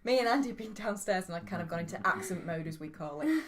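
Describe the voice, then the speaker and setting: A woman's voice: on the low side, quick pace, over a noisy crowd. A woman co-hosting a casual home livestream, chatting in a giggly, rambling way. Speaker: livestream co-host. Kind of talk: casual chat. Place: home living room. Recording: home stream with steady background noise.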